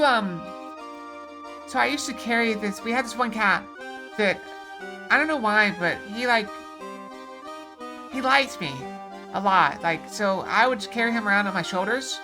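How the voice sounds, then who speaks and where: A woman streamer giving casual, rambling commentary while playing a game live. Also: medium pitch. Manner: chatty, rambling. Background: game music.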